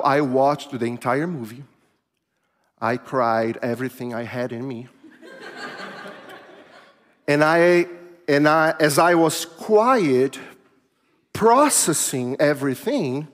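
A man preaching a sermon, telling a personal story in an animated, self-mocking way, often laughing. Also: fairly high pitch, slow, pauses often. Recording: long reverb of a large hall.

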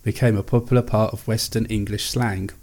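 A man's voice: fairly low pitch, little pitch movement, fairly quick, darkish tone. A man hosting a podcast who reads trivia aloud steadily and then chats easily. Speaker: podcast host. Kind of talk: casual chat and reading facts aloud.

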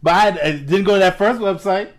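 A man's voice: high voice, fairly quick. A man in a casual chat, laid-back and slangy, often laughing as he talks.

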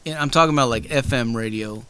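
A man's voice: medium pitch, fast, bright, forceful tone, smooth. A man hosting a casual interview, rambling and swearing freely with lots of fillers. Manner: loose, profane, rambling with many fillers. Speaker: host.

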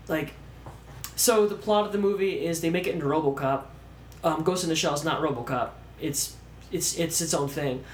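A man casually ranting about a movie on a podcast, swearing a lot and acting out scenes in mocking voices. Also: a little high. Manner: animated, swearing, acts out lines in mocking voices. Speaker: podcast co-host. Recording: echoey room with faint background noise.

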